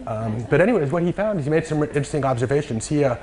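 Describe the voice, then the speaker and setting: A man giving a lecture from slides, halting and full of fillers and restarts. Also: on the high side, animated, darkish tone.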